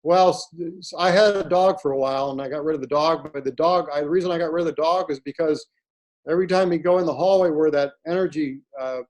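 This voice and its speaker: Rambling, earnest male guest in his forties, slightly high voice. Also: quick pace, a little mellow, rough recording. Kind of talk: casual conversation.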